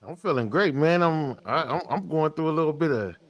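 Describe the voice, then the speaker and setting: A man's voice: fairly high pitch, lively intonation, a little fast, muffled recording. A man co-hosting a podcast, talking in a laid-back, joking casual way. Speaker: podcast co-host. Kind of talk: casual chat.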